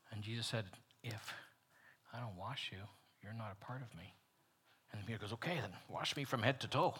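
A man leading a men's Bible study, teaching in an animated way, loud on emphatic points and dropping almost to a whisper on others. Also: mid-range voice, normal speed, slightly rough.

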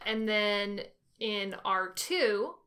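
A woman co-hosting a casual podcast chat, talking in an animated way that often corrects itself mid-sentence. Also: mid-range voice, very slow, slight background noise. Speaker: podcast co-host.

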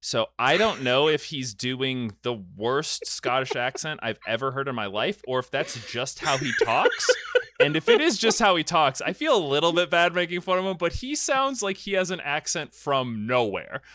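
Lively young man telling a story. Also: on the high side, moderate pace, dry recording, studio quality. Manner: animated storytelling, riffing. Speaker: podcast host recapping a film. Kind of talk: casual comedic chat.

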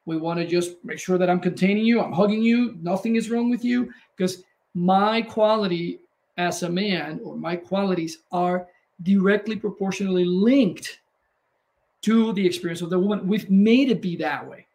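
A man speaking in a slow, measured, reflective way during a casual conversation. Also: sits high, a little mellow. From United States.

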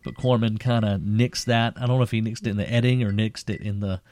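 A podcast co-host with a fairly low voice talks fast and casually about an old cult film. He rambles, stays animated and laughs often.

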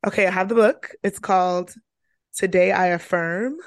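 A woman's voice: on the low side, steady tone, normal speed. A young woman co-hosting a podcast in casual chat, dry and teasing. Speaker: podcast co-host.

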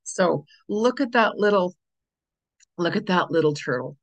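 A woman's voice: mid-range voice, animated, normal speed, poor audio. A middle-aged woman giving a casual spiritual reading to her viewers, chatty and repeating phrases as she goes. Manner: chatty, repeats phrases, drifts into soft asides. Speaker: astrology and spiritual reader.

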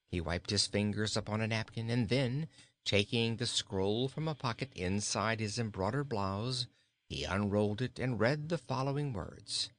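A man reading a storybook aloud as narrator, in a measured, expressive storytelling manner. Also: fairly low pitch.

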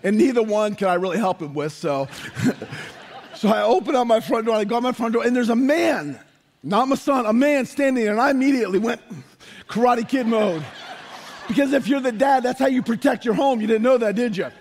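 A man in his forties preaching a sermon, telling stories with animated energy and rising to shouts for emphasis. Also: very high-pitched, fairly quick, a little hiss or hum. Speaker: pastor.

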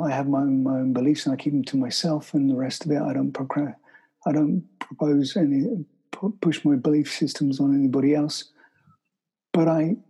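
Gravelly man telling a survival story. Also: fairly high pitch, warm tone, rough recording. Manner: halting, restarts sentences, vivid storytelling. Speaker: interview guest. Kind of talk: storytelling in conversation.

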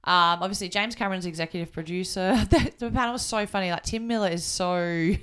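A woman's voice: lowish voice, a little fast, fairly bright tone, clean tone. A young woman with a New Zealand accent co-hosting a podcast, chatting casually and laughing often as she retells stories. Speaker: podcast co-host. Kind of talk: casual chat.

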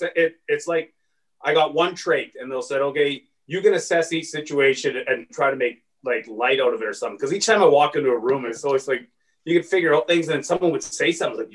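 A man from Saskatchewan spins rowdy stories in casual podcast talk, swearing freely and leaping into put-on voices. His voice sits on the higher side, and he sounds a little distant from the microphone. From Saskatchewan, Canada. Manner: animated, rambling, swears, acts out voices. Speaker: stand-up comedian guest.

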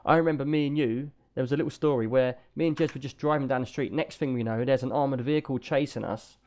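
A man's voice: mid-range voice, quick pace. Chatty man telling stories. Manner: chatty, animated anecdote telling. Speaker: podcast co-host. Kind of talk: casual storytelling chat.

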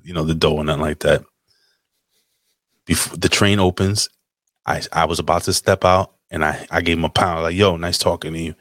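A man's voice: sits low, fairly bright tone, dry recording, clean studio sound. A young man on a podcast, telling a rambling, profane story in casual chat. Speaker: podcast host.

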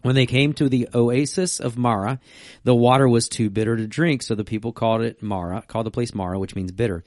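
A man's voice: mid-range voice, steady tone, a little fast, darkish tone, no echo, studio quality. A man co-hosting a casual faith discussion, telling stories and reading scripture aloud. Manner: reads scripture aloud, acts out voices in quotes. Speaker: podcast co-host.

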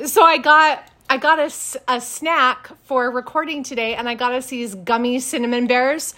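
A woman in her thirties co-hosting a casual podcast chat, telling lively stories and acting out what people said. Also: high-pitched, moderate pace. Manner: animated storyteller, acts out quotes. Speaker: podcast co-host.

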